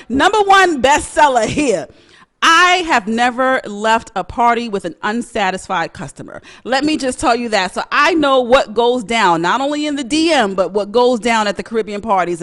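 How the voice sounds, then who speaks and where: A young woman from Brooklyn hosts her own talk segment, chatty and outspoken. Her voice sits fairly high and swoops all over the place. She laughs easily and dips into a Caribbean lilt when she gets going. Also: fairly bright tone. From Brooklyn, New York. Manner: chatty, opinionated, laughs often, slips into Caribbean dialect. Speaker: host. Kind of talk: casual talk-show commentary.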